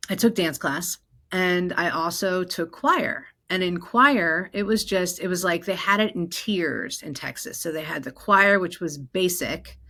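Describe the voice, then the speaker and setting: A woman from New Jersey hosting her own podcast, telling personal stories in an animated way and acting out the voices of the people in them. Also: on the low side. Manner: animated, acts out quoted voices. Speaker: podcast host. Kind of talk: personal storytelling.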